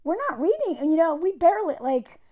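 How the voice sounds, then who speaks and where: A woman's voice: extremely high pitch, expressive, fairly quick, mellow. A woman giving casual, sarcastic video commentary, exasperated and mocking as she talks. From United States. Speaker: commentary vlogger.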